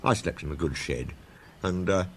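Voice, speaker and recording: A man voicing a bossy, impatient male tank engine who blusters and hems with fillers, over steady background noise. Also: sits low, normal speed, close to an everyday voice. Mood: flustered.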